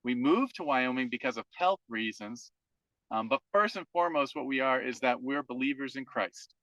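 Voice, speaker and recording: A man's voice: medium pitch, expressive, normal speed, fairly bright tone, dry recording, dull audio. A man in his forties from New Hampshire gives an earnest personal testimony over a call, stacking repeated phrases. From New Hampshire, USA. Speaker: team member and guest speaker, teacher and father.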